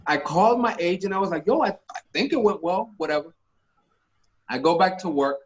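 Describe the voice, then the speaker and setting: A man guest on a podcast telling stories in a casual, animated, profane way, acting out the voices of the people in them. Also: sits high, a little fast, slight background noise. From Miami. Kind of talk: casual storytelling interview. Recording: dull lo-fi podcast audio.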